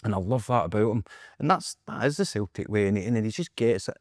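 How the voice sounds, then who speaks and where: A Scottish man, a podcast co-host, telling a story in casual chat, animated and acting out quotes with frequent laughs. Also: lowish voice, fast talker, no echo, clean studio sound. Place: podcast studio.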